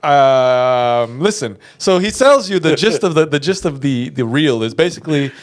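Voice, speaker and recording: Male podcast co-host, slightly higher voice, blunt, profane, quick to laugh. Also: lively intonation. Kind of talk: casual chat.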